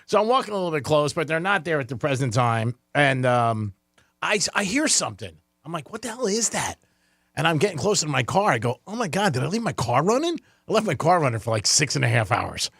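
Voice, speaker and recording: A man's voice: on the high side, sing-song, quick pace, gravelly, fairly bright tone, dry recording, studio quality. A middle-aged man on a radio show, telling rambling, self-mocking stories and laughing often. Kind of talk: casual radio banter.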